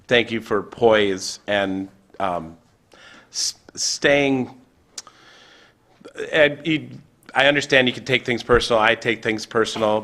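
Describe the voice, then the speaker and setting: A man's voice: lowish voice, sharp tone. A man speaking as a county supervisor at a board meeting, earnest and hesitant, with fillers. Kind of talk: public meeting remarks.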